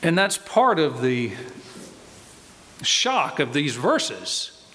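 A man preaching a sermon in a slow, deliberate way, pressing his points with emphatic repetition. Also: on the high side, very animated, pushed and bright. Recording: long reverb of a large hall.

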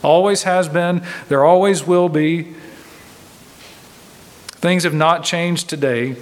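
Male pastor, emphatic sermon delivery, slightly high voice, long hall reverb. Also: slow. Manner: earnest, emphatic, repeats phrases for stress. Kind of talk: expository sermon.

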